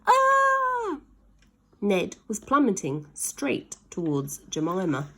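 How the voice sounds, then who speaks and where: A woman reads a children's story aloud, slow and expressive. Her voice is husky and gravelly, and it rises and falls with wide, lively swings of pitch.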